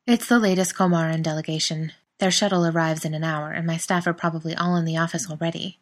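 A woman's voice: low voice, steady tone, fast talker, close to an everyday voice. A woman voicing a weary middle-aged male regent who talks in a sleepy, mildly irritated, coaxing way. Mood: matter-of-fact.

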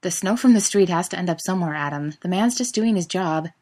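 A woman reading a story and voicing a calm, patient young man who speaks gently. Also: fairly low pitch, fast talker. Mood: gentle. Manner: gentle, even, reassuring.

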